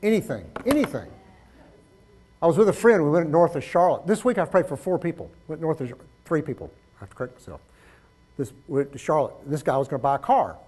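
A male pastor preaching a sermon, swinging between loud exhortation and low, conversational storytelling. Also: lively intonation, quick pace, breathy edge.

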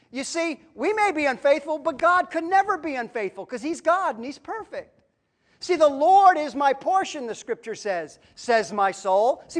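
A woman preaching a sermon in an earnest, emphatic way, swinging between loud declarations and quiet asides. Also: high voice. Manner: earnest, emphatic, rises and drops in volume.

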